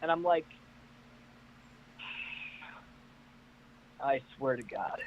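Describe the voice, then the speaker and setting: A man calling in to a casual chat show, telling stories in an energetic, hyped-up way. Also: mid-range voice, very slow, narrow, tinny audio, slight background noise. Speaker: caller guest. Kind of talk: casual chat on a video call. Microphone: internet call.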